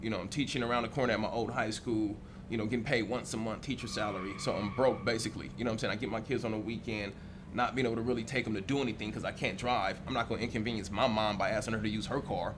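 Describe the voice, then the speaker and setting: Fast-talking man, candid and frank. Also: on the low side, fairly even intonation, background noise. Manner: candid, frank, casual swearing. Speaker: interviewee, teacher. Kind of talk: reflective interview.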